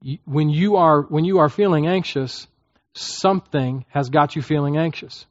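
A pastor with a slightly high voice speaks at normal speed, recorded dry with dull audio. His sermon is conversational teaching, full of "okay?" check-ins with listeners, and he acts out prayers.

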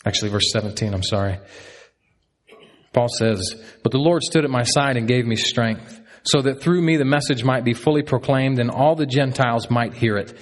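A man in his thirties delivers a sermon with earnest conviction. His voice sits at a middle pitch. He repeats key lines to drive them home. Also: normal speed. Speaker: pastor.

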